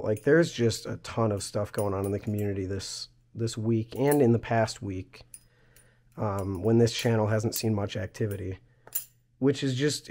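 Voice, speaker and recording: A man with a somewhat low voice, still hoarse as he recovers from losing it. He hosts a casual vlog news roundup, rambling and chatty with lots of fillers. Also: warm tone. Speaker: channel host.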